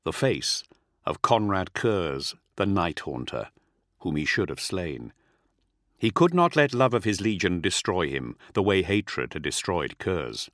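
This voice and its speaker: A middle-aged man narrating an audiobook with dramatic, measured storytelling. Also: sits low, very animated, fairly bright tone, no room sound, studio quality.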